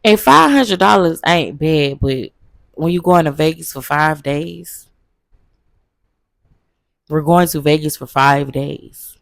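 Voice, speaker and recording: A woman's voice: low-pitched, lively intonation, slow, creaky, pauses often, dry recording. A woman vlogger casually telling a travel story, loose and slangy with lots of fillers.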